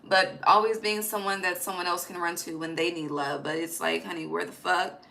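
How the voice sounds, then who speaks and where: Bright-voiced woman giving a tarot reading. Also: lowish voice, steady tone, moderate pace, vocal fry, rough recording. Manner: emphatic, swears freely, slangy asides. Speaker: tarot reader. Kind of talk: casual spoken tarot reading. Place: home at night.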